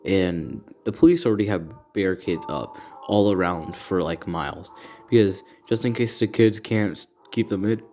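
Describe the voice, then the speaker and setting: A man's voice: low voice, moderate pace, a little mellow. A young man improvising a fan story, rambling and correcting himself as he goes.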